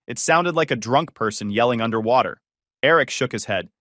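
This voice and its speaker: A man narrates a scripted first-person story with a wry, scornful edge. His pitch moves a lot and stays animated. The sound is dry and close to the mic. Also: a little fast, no echo.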